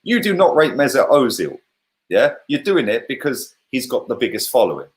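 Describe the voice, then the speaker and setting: Sweary, ranting football fan. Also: male voice, medium pitch, sing-song, moderate pace. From England. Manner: blunt, combative, sweary ranting.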